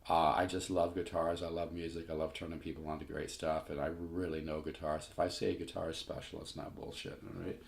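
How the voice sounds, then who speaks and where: An older man, folksy and plainspoken, teaching guitar technique and pitching a guitar for sale while he plays. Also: little pitch movement, fast, creaky, hardly any pauses. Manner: folksy, plainspoken, repeats himself. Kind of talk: casual guitar demo and sales pitch. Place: room while playing guitar. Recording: echoey room with guitar. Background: his own guitar playing.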